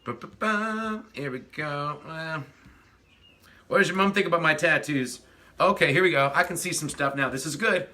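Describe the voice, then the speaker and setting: Very bright, chatty male livestream host. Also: on the high side, moderate pace. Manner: chatty, rambling, talks to himself while fiddling with the stream. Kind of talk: casual livestream chat reading viewer comments.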